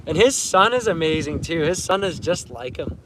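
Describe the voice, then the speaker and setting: A man's voice: fairly high pitch, expressive, moderate pace, noisy background. A man in his thirties chatting casually with livestream viewers from a canoe on a lake, laughing often and reading comments aloud. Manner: laid-back, laughs often, reads chat aloud. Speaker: fishing livestreamer. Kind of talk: casual live-stream chat.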